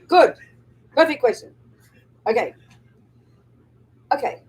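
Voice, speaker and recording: A woman's voice: high-pitched, lively intonation, slow, darkish tone, slightly rough, poor audio. A woman Buddhist nun giving a live dharma talk, speaking emphatically and often checking with the audience through rhetorical and tag questions.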